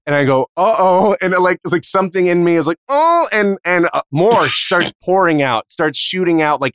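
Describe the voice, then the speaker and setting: A man tells a rambling comic story on a podcast, cursing freely and jumping up in pitch as the tale peaks. His voice is smooth and clear, a little high for a man. The sound is dry and close to the mic. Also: dry recording. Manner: animated, profane storyteller with quick voice shifts. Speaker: podcast host. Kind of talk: casual storytelling chat.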